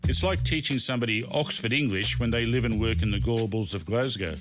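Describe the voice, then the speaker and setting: A man's voice: on the low side, brisk. Wry man narrating a memoir. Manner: wry, dry self-mocking humour. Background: background music.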